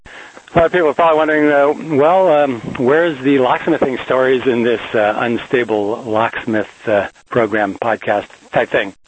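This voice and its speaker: A locksmith in his fifties, a podcaster, records a rambling monologue full of fillers and dry jokes on a small handheld digital voice recorder, first while driving a van and then while hiking outdoors. His medium-pitched voice has fairly even intonation and a moderate pace. The audio is poor, with slight background noise.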